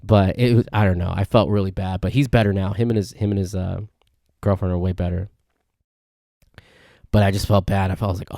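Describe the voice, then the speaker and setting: A man's voice: deep voice, steady tone, a little fast, gravelly, long pauses, dark tone, dry recording, clean studio sound. A man hosting a casual solo podcast, telling rambling stories and often correcting himself. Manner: rambling, self-correcting storytelling. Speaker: podcast host. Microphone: podcast mic.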